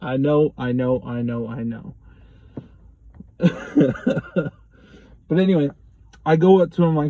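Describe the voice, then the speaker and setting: A young man casually telling a personal story to the camera, profane and rambling, getting animated when he quotes people. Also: a little high, slow, pauses often, dry recording, muffled recording. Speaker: vlogger.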